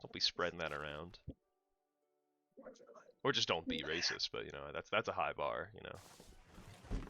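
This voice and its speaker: Sharp-toned, teasing American streamer man. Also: low-pitched, unhurried, creaky, no echo, soft background music. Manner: teasing, joking banter. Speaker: livestreamer. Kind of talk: casual chat while gaming.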